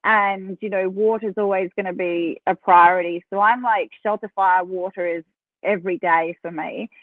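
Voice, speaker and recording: A woman with an Australian accent, a podcast guest telling stories in a chatty, animated way and laughing between phrases. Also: medium pitch, moderate pace, dry recording. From South Australia. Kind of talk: casual interview storytelling. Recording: tinny phone line, dry.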